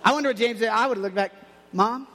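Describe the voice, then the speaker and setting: A man's voice: high voice, rapid-fire, pushed and bright. A man preaching a casual, playful sermon to young people, telling stories and acting out what people say. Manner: playful, storytelling, acts out quotes. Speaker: youth pastor. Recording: long hall reverb.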